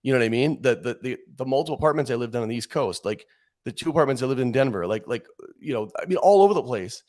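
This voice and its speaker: Animated rambling storyteller, a man. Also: mid-range voice, fast talker. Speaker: podcast guest. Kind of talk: casual chat.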